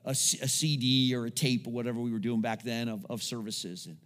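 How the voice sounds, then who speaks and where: A man's voice: mid-range voice, steady tone, a little fast, long reverb tail. A male pastor preaching a sermon to his congregation, calling out to them and asking for responses as he goes. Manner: preaching with call-outs to the congregation. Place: church sanctuary.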